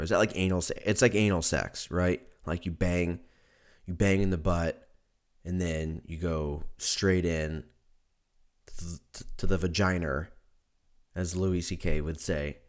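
Hoarse, profane man ranting casually. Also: deep voice. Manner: profane, joking, riffs with laughter. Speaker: podcast host. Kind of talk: casual podcast rant.

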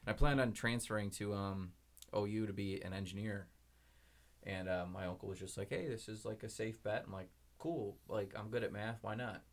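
A man's voice: on the low side, fairly even intonation, brisk. A young man, a podcast guest, telling a rambling story in casual chat with lots of fillers.

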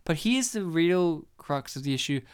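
Young Australian man, playful movie-podcast co-host, clean, smooth tone. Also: fairly high pitch, lively intonation, normal speed. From New South Wales, Australia. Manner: playful, joking, acts out characters' lines. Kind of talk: casual movie commentary chat.

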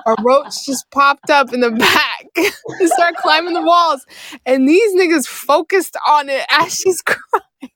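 Animated laughing woman, high voice. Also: slow pace, no room sound, studio quality. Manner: animated, swears, laughs a lot. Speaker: podcast co-host. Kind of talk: casual chat.

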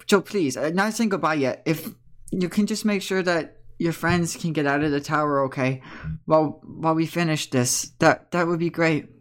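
A woman voicing a kindly male Pokémon trainer who talks gently, stammering and halting. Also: deep voice, lightly acted.

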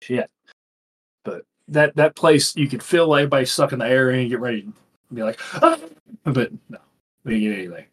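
Husky dude on a podcast, rambling, swears a lot, lots of uhs. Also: male voice, medium pitch, fairly quick. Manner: profane, rambling storyteller with many fillers. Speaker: podcast co-host. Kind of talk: casual chat.

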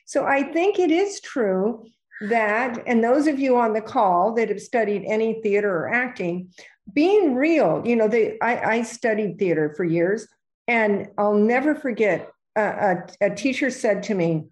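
A middle-aged woman and real estate agent chatting casually on a podcast, telling stories lively and acting out the voices of people she quotes. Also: a little high, unhurried. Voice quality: animated storyteller who acts out quoted voices.

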